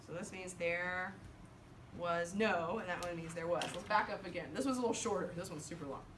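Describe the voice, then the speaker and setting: A woman French teacher leading her class, counting down and reading aloud slowly in chorus with the students, then explaining in a brisk, lively way. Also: fairly low pitch, background noise. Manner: animated, leads choral reading with slow drawn-out words and countdowns. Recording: echoey classroom from far off.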